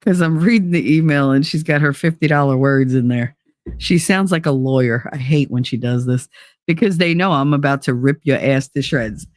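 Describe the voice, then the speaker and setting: A woman's voice: rumbling low, normal speed, no room sound, studio quality. Blunt, profane woman chatting to a stream. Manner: blunt, profane, laughing storyteller; slips into put-on accents and voices. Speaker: livestream talk show host. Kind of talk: casual chat to a live chat audience.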